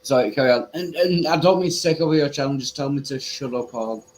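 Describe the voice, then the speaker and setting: A man's voice: medium pitch, quick pace, heavy background noise. A man chatting casually as a guest on a stream, joking and singing along to a pop song. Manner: chatty, jokey, bursts into singing along to music.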